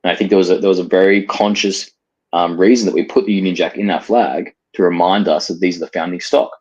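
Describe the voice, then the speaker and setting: A young man, arguing in a heated casual debate, talking fast with many restarts and fillers. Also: low-pitched, fairly even intonation, a little mellow, slightly rough, lo-fi sound. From Australia. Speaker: debate participant.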